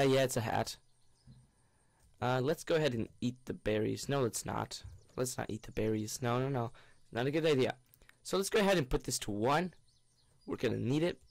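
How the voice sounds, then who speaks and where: A man's voice: mid-range voice, no room sound. A young man giving goofy, rambling commentary on a game he is playing, with bursts of panicked shrieks. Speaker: gaming YouTuber. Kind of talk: let's play commentary.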